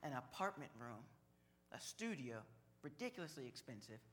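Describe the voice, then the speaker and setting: A man preaching a sermon, slow and measured, building on repeated phrases. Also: medium pitch, very animated, noisy background. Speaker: pastor.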